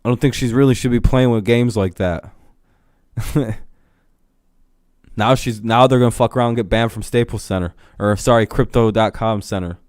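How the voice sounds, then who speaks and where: A man's voice: lowish voice, moderate pace, pauses often, darkish tone, dry recording, clean studio sound. Profane, heated young male streamer. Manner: profane, heated, laughs often, talks to chat. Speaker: live streamer. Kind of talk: casual live-stream rant.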